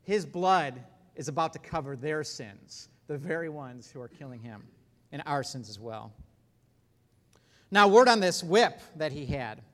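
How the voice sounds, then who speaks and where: A man preaching a sermon in an emphatic, animated way, with big swings in volume. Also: a little high, a little slow, big-room sound.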